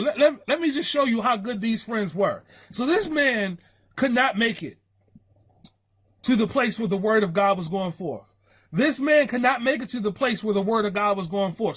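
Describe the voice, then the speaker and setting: A man's voice: extremely high pitch, a bit bright, husky. A man preaching a sermon in an emphatic, repetitive style.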